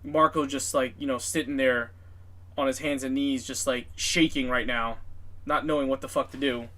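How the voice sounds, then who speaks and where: A man's voice: medium pitch, steady tone, normal speed, a bit bright. A man narrating a tabletop game as game master, in a casual, filler-heavy, profane way.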